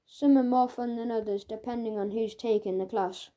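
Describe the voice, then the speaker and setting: A woman narrating a children's audiobook in the first person, in a lively, playful storytelling manner. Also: fairly high pitch, normal speed.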